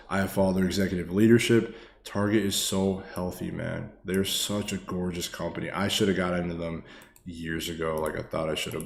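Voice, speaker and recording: A man giving casual live-stream stock chart commentary, excitable and loose, swearing freely and tagging lines with "man" and "okay.". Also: low-pitched, reverberant.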